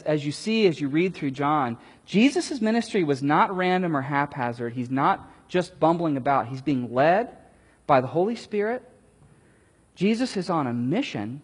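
Animated, husky-voiced preacher man. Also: on the high side. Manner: lively, conversational, animated storytelling. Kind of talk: sermon. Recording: long hall reverb.

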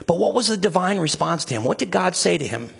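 A man's voice: very animated, fast, creaky, husky. A man preaching a sermon as a pastor, speaking with passion and rising emphasis. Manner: impassioned, rising to emphatic high pitch when stirred.

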